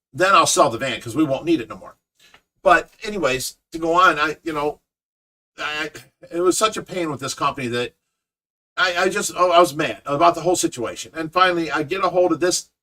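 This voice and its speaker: The speaker, a fish rescue owner and caregiver, is a middle-aged man with an Ohio accent telling a long, casual story on a livestream and imitating others' words. His slightly high voice sounds pushed and bright, and the mic catches him from afar.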